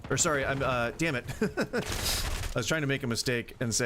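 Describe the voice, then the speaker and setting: A man streaming a shooter game and commenting casually, joking at his own expense with sudden loud exclamations. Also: mid-range voice, moderate pace, very noisy. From United States. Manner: self-deprecating, joking, animated exclamations. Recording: loud game gunfire behind. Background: loud game gunfire and shooting.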